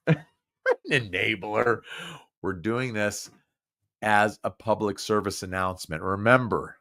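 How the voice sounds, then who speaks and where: A man's voice: on the low side, steady tone, slow pace, bright, forceful tone. A drunk man hosting a podcast, slurring his speech, rambling and stumbling over repeated words. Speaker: podcast host. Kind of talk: casual live podcast talk.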